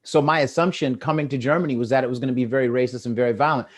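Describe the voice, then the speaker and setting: A man with an American accent telling lively stories in casual chat over a video call, acting out the quotes with a rising voice. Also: medium pitch, racing. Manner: animated, acts out quotes with rising voice. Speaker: guest storyteller.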